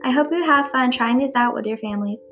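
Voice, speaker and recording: A woman hosting an arts segment, reading a children's storybook aloud in a gentle, clear way. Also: sits high, fast talker, over loud music. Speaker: host.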